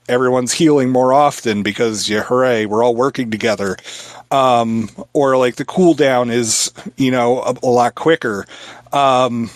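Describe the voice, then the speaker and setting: A man in his thirties, a podcast guest, rambling through a game explanation with lots of "like" and "uh". His voice is mid-pitched, recorded close on a very dry mic with no room sound. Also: dry recording. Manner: rambling, filler-heavy explanation. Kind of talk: casual podcast chat.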